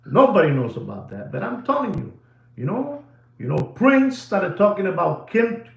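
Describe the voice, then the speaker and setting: A man's voice: high voice, sing-song, moderate pace, gravelly, reverberant. Emphatic, repetitive male watch dealer. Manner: emphatic, repeats phrases over and over. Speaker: watch dealer hosting a live stream. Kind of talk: rambling live-stream talk.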